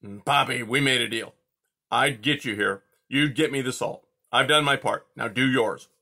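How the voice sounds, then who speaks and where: A man voicing a grumpy, greedy male porcupine who grunts and grumbles peevishly, louder than his narration. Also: medium pitch, normal speed. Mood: irritated. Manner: grunting, peevish, starts with a hum.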